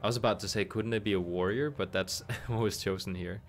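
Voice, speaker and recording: A man's voice: fairly low pitch, steady tone, brisk, faint music behind. A man streaming a game, chatting casually and thinking aloud with amused asides. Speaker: gaming streamer.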